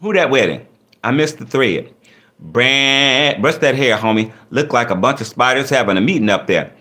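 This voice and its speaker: This is a man at medium pitch and moderate pace, hosting a casual livestream. Animated and lively, he reads out chat messages and jokes back with viewers, playfully laughing and teasing.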